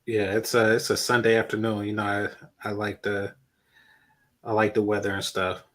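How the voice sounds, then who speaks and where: A man's voice: fairly low pitch, level tone, normal speed, a bit bright. A man joining a casual live-stream chat as a guest, polite and hesitant, with many fillers.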